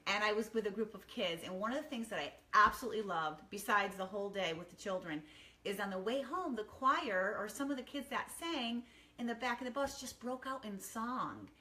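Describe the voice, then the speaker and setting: A middle-aged woman chatting casually from her quiet home kitchen, upbeat and rambling with many ums. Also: medium pitch, expressive, fairly quick. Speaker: wellness vlogger. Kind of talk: casual morning chat to camera.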